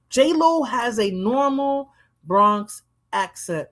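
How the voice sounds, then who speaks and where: A woman's voice: mid-range voice, expressive, measured pace. A woman hosting a livestream, chatting bluntly about viral clips and saying "you know" a lot. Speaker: livestream host. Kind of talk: casual commentary on viral clips.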